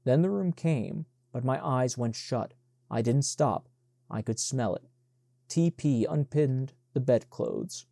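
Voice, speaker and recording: Mellow-voiced male audiobook narrator. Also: mid-range voice, slow, creaky, no room sound, studio quality.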